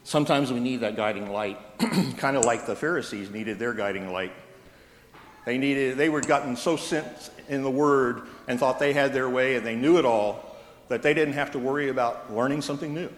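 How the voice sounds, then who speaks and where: A male pastor delivers his sermon in an easy, conversational storytelling way. His voice sits at an ordinary pitch and rings through a large echoing church with a long reverb tail. A faint hum of room noise lies underneath. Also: moderate pace. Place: church sanctuary. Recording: echoey reverberant church hall.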